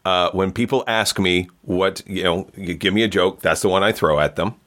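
A man's voice: sits low, normal speed, a bit bright. A man hosting a comedy podcast, giving short encouraging replies in casual chat. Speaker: podcast host.

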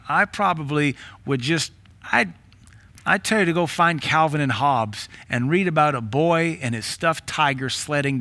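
Southern male pastor, higher voice, bright and forceful, blunt sermon delivery, dry close mic. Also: no echo. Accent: Southern American. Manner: forceful, blunt and sarcastic preaching.

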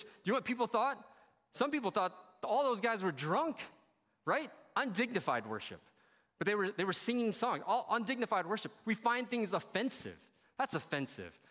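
A man preaches a sermon in a loose, conversational way. His voice sits a little high, and he swings between raised moments and quiet ones as he acts out reactions. A long reverb from the hall trails behind each phrase. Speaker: pastor.

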